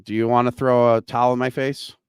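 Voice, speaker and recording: Fairly quick and medium-pitched, this male host of a live market chat show jokes excitedly and keeps restarting as his words tumble out. The dry recording keeps his smooth, resonant voice close, with no room around it.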